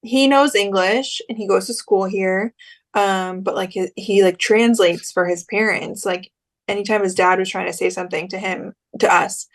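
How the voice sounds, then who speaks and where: A woman's voice: mid-range voice, fairly even intonation, normal speed. A young woman co-hosting a podcast, telling a story in a chatty way and acting out the quoted lines. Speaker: podcast co-host. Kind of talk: casual chat.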